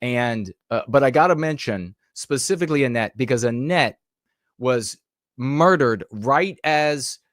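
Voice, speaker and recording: A man's voice: mid-range voice, animated, a little slow, a bit bright, no echo, studio quality. A man giving heated, emphatic podcast commentary over news clips, with frequent rhetorical flourishes.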